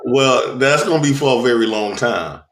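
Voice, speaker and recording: A man's voice: mid-range voice, moderate pace, a bit bright. A man hosting a livestream, teasing and crude in casual banter. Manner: teasing, crude, laughs a lot.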